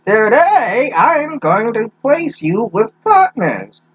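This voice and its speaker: A man putting on an old person's voice to play an elderly art teacher, talking slowly. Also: very high-pitched, big pitch swings, fairly bright tone, slightly rough, muffled recording, voice pushed up, exaggerated voice. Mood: lecturing. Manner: slow, drawn-out old-person voice.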